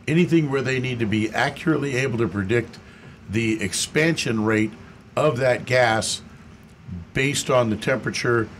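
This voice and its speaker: A man's voice: medium pitch, a little hiss or hum. A man co-hosting a radio call-in show about cars, explaining answers at length and laughing easily. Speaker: auto expert co-host. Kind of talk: radio call-in car talk.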